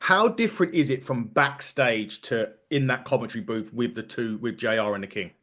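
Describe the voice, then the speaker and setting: A man's voice: mid-range voice, normal speed, a bit bright. A man hosting a podcast, asking his guest questions in a casual way. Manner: casual, conversational. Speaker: podcast host. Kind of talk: interview questions.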